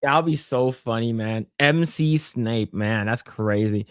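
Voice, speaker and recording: A man's voice: medium pitch, slow pace, clear, resonant tone, no room sound, clean studio sound. A man co-hosting a casual podcast, reading comments aloud, joking and stumbling over restarts. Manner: jokey, lots of stammered restarts, breaks into mock voices. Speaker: podcast co-host.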